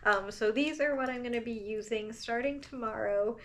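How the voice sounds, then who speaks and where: A woman's voice: fairly high pitch, normal speed, noisy background. A young woman vlogging casually at home about her knitting, chatty with plenty of fillers and little laughs. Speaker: crafting vlogger. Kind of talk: casual vlog chat.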